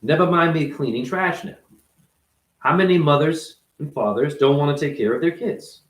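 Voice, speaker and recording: A man with a high-pitched voice holds forth in a blunt, profane, emphatic monologue. He sounds like he is recording himself at home, his voice bouncing around a roomy, echoey apartment. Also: moderate pace. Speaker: vlogger, former ballet dancer. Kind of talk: unscripted monologue rant.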